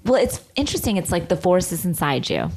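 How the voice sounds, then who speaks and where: A woman's voice: lowish voice, wildly swooping pitch, fast talker, a little mellow, husky. A woman in her thirties co-hosting a podcast, chatting casually, rambling with lots of "like"s and frequent laughs. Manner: laughs often, rambling with many "like"s. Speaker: podcast co-host. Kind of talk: casual chat.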